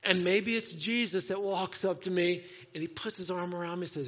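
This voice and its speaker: A man preaching a sermon in a conversational way, moving between playful asides and hushed, earnest moments. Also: sits high, steady tone, moderate pace, hardly any pauses, big-room sound, lo-fi sound. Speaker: pastor. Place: church sanctuary.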